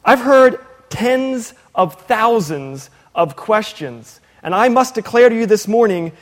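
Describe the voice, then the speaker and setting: A man's voice: high-pitched, lively intonation, takes it slowly, in a large hall. A man in his thirties preaching a sermon in a conversational, playful way, sometimes mimicking others. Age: 30s. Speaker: preacher and teacher.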